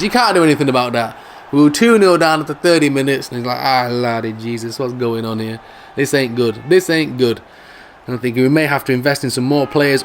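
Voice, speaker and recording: Guy commentating his football game, fairly high voice, jokey banter, faint room noise behind. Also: a bit bright. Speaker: gaming video host.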